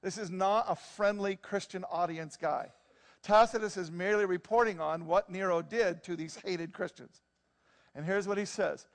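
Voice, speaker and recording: A man preaching a sermon in an animated, joking, conversational way. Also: high-pitched, normal speed. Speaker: pastor. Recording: long hall reverb.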